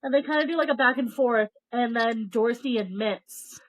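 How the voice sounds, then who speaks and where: A woman's voice: on the high side, moderate pace, poor audio. A young woman co-hosting a casual podcast, retelling a book's plot with swearing, laughter and acted-out lines. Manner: animated storytelling, acts out characters' lines, laughs often, swears casually. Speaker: podcast co-host. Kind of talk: casual book review chat.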